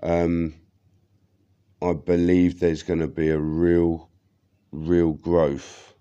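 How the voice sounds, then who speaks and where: A man talks in a deep, unhurried voice, drifting from thought to thought and swearing often. His tone is dark and mellow. He loops back with "like" and "you know" as he speaks to his viewers. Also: flat delivery, clean tone, muffled recording. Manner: rambling, heavy swearing, many fillers. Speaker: vlogger. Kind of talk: rambling personal monologue.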